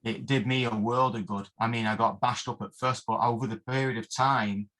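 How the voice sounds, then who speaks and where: A man's voice: mid-range voice, steady tone, moderate pace, fairly bright tone. A man, a martial arts instructor, rambling through interview anecdotes with plenty of fillers and mild oaths. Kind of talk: interview storytelling.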